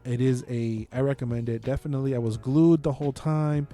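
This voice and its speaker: A man's voice: medium pitch, fairly quick, faint music behind. A man co-hosting a podcast in casual chat, swearing freely and talking with emphatic energy. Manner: profane, animated and emphatic. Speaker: podcast co-host.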